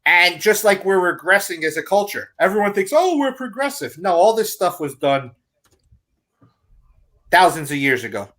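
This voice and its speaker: A man with a bright, tense, fairly high voice gives strong opinions in a casual chat. He leans hard on his points. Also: moderate pace, pauses often. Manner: opinionated, emphatic. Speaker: show panelist.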